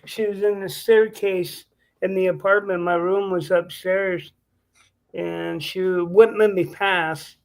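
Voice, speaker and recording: A man's voice: high voice, steady tone, takes it slowly, vocal fry. A man telling a laid-back, crude story in casual chat.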